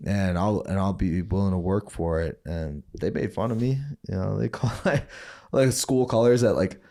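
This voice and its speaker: A man's voice: deep voice, moderate pace, warm tone. A man from Saint Paul, Minnesota, telling his story as a podcast guest in a loose, profane way, laughing often and acting out other people's lines. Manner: profane, laughing, acts out quoted voices. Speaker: guest, former fighter.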